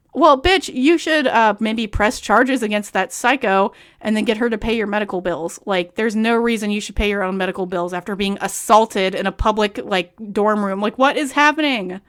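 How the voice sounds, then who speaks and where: A woman's voice: medium pitch, a little fast, few pauses. A woman reading a book aloud and breaking in with sarcastic, incredulous commentary. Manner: swears freely, calls the author girl.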